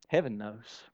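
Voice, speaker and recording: A man's voice: medium pitch, mellow. A man preaching a sermon, emphatic and storytelling, repeating phrases for effect. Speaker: pastor. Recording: dull lo-fi sermon recording.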